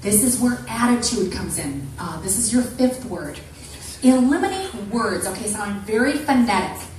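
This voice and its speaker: A woman giving an animated motivational talk to a women's group, acting out the people she quotes. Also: mid-range voice, moderate pace. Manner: animated, acts out quoted voices. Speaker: motivational speaker. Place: meeting room with an audience. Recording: echoey room from far off, faint noise.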